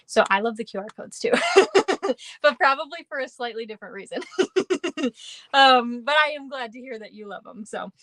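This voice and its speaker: A bubbly woman leads a live craft demonstration, chatting easily and laughing often as she greets viewers by name. Her voice sits at a middle pitch and is recorded close and dry, with no room sound. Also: lively intonation, moderate pace, fairly bright tone, dry recording. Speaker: craft class host.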